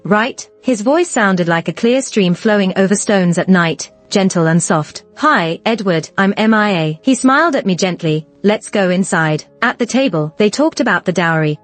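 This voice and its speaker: A young woman narrating a first-person story in a measured, even manner. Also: mid-range voice. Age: young adult.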